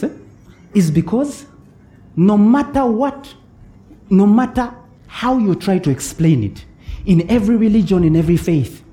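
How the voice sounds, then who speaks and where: A man preaching a sermon as pastor, often checking in with his congregation and chuckling between points. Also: high voice. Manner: animated preaching with frequent "eh?" check-ins and chuckles.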